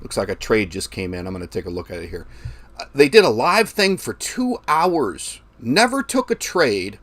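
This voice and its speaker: A man's voice: medium pitch, big pitch swings, moderate pace, fairly bright tone, dry recording. A man hosting a forex trading livestream, talking loosely and projecting his voice with the mic right at his mouth. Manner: loose, rambling, curses casually, projects voice close to mic. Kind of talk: casual live-stream talk. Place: traveling, recording himself. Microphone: mic held very close to mouth.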